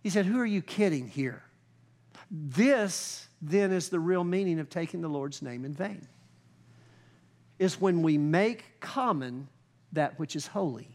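Male pastor, high-pitched voice, earnest sermon delivery, slows for scripture, builds in intensity. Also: animated, a little mellow. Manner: earnest preaching, rises in pitch and volume when fired up, slows down for scripture.

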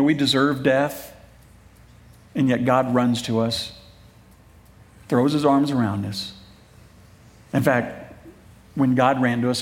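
Man preaching a conversational sermon. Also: medium pitch. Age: middle-aged. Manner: conversational, joking asides, warm appeals. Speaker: pastor. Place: church.

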